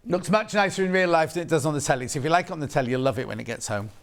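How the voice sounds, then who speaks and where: A man's voice: on the high side, very fast. A man presenting on a TV shopping channel, chatty and jokey, bantering and repeating prices. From West Midlands, England. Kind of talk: live shopping TV sales patter. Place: TV studio.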